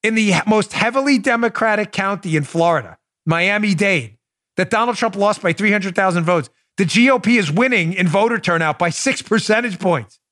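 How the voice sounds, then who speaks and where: Sarcastic, high-voiced male political host. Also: moderate pace. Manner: sarcastic, animated, talks to the audience directly. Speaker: talk show host. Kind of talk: political commentary.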